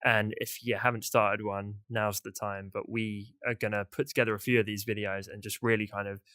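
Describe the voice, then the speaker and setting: Low-voiced British man hosting a podcast. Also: little pitch movement, brisk, sharp tone, dry recording. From United Kingdom. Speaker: podcast host. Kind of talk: casual podcast chat.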